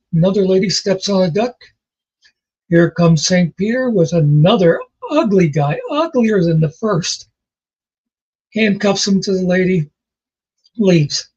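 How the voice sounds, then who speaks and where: A man's voice: high voice, darkish tone, breathy edge, highs cut off. A man casually telling jokes as host, rambling and folksy in his storytelling.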